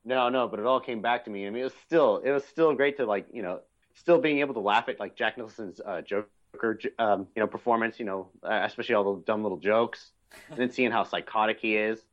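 A man's voice: lowish voice, fast. A young man co-hosting a podcast, chatting eagerly and rambling with lots of fillers. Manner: enthusiastic, rambling with many fillers. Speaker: podcast co-host. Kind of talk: casual chat. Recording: dull lo-fi recording.

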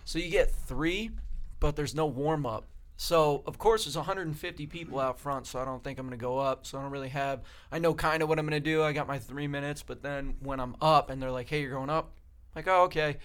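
A man, a comedian and co-host, telling a self-mocking story in an animated way on a podcast. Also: fairly high pitch, a little fast.

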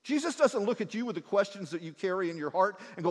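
Animated high-voiced male preacher. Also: fast. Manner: animated preaching, swinging between loud emphasis and hushed lines. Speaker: pastor. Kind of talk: sermon. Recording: long hall reverb.

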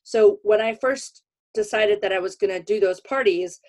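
A woman's voice: mid-range voice, normal speed. Laughing woman host telling stories. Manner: lively storyteller, laughs often. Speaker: podcast host and comedian. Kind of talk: casual chat.

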